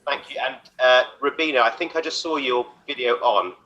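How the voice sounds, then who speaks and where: Bright-voiced man chairing online. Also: mid-range voice, moderate pace. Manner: friendly, introduces speakers with thanks. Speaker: session chair, consultant. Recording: muffled lo-fi video call audio.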